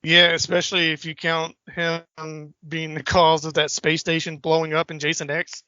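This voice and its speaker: A man co-hosting a podcast in casual chat, animated and acting out film lines. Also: moderate pace, clear, resonant tone, no echo. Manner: animated, acts out movie lines in a high voice. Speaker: podcast co-host. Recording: dull lo-fi podcast audio.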